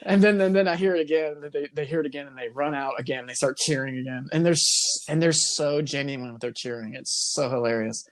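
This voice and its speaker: A man's voice: fairly high pitch, a little fast, few pauses. A young man co-hosting a podcast in casual comedic chat, laughing often. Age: young adult. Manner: animated, laughs often, acts out silly voices. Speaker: podcast co-host.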